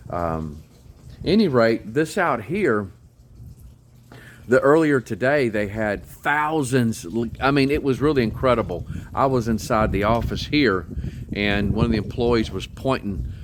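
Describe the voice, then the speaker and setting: An older man rambling through a casual travel vlog outdoors, with many ums and restarts. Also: fairly low pitch. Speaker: RV travel vlogger. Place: outdoors at a state park campground. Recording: faint outdoor background noise.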